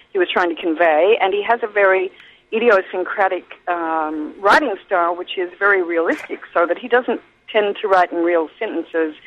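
A woman with an Australian accent, a guest actor chatting by phone from an airport, thinking aloud with frequent ums and restarts. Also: on the low side. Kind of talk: casual interview over the phone. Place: airport waiting area. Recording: tinny phone line.

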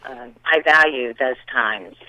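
A middle-aged woman from the American South, a theater director answering interview questions and warmly praising her colleagues. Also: extremely low pitch, takes it slowly, dry recording. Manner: warm, enthusiastic praise of colleagues. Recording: tinny phone-line sound.

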